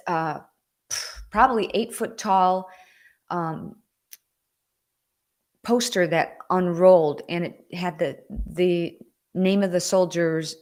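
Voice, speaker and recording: Chatty, emotional woman on a live stream. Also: on the low side. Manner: frequent restarts and fillers. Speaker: live video host. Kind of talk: casual live-stream chat.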